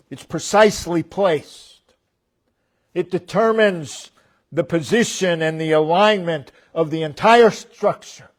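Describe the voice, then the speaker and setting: A man preaching a sermon as pastor. He speaks deliberately and stresses key words loudly, then drops his voice low at the ends of phrases. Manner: emphatic, deliberate, with sharp swings between loud stresses and quiet drops. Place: church.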